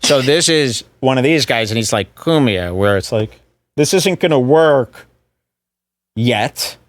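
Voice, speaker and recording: A man's voice: mid-range voice, unhurried, slight background noise. A man hosting a podcast, riffing in casual, mocking commentary. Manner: sarcastic, mocking, lively delivery. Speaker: podcast host.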